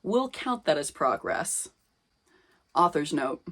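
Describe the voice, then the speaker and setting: Wry, slow-talking young woman. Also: low-pitched, big pitch swings, a bit bright. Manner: wry, self-mocking. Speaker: reader of her old fanfiction. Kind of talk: casual reading with commentary.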